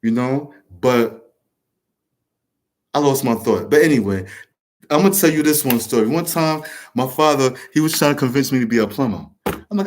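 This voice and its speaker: A show host gives a casual, impassioned monologue to camera, rambling, swearing often, restarting sentences, and repeating words. His mid-range voice has a darkish tone, moves at a moderate pace, and pauses often.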